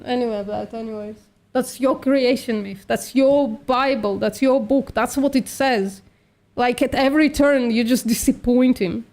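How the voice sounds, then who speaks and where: Blunt woman on a live stream, argues hard, swears a lot, fairly high voice. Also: unhurried, darkish tone. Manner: blunt, argumentative, swears, calls others sweetie. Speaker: streamer, vegan activist.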